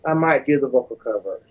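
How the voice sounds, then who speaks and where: Rambling man with hiccups, crude and boastful, higher voice. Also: husky, rough recording. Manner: crude, boastful, stumbles over words. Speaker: streamer in a played clip. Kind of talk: rambling drunken rant.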